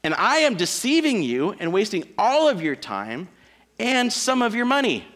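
A male pastor preaching a sermon, emphatic, with dramatic pauses and big swings between loud and soft. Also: high voice, huge pitch swings.

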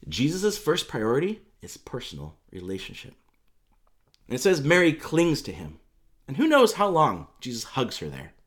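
A man preaching a sermon as pastor, telling the story in a conversational, emphatic way with casual fillers. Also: on the low side.

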